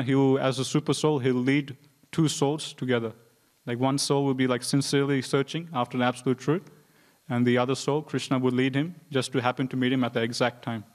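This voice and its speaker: A man giving an informal scripture class in a temple, telling stories loosely with many fillers. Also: medium pitch. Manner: storytelling with many "like" and "you know" fillers. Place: temple hall.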